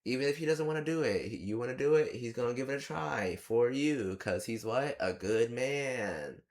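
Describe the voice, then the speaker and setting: A man with a mid-range, darkish voice and lively intonation rants about a film at a slightly fast clip. As a movie reviewer, he's exasperated and chatty, leaning on rhetorical questions and plenty of fillers.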